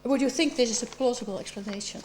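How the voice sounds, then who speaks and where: Brief: woman examiner, academic questioner, fairly high voice, measured and precise, faint background noise. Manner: measured and precise, with occasional ums. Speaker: examiner at a doctoral defense.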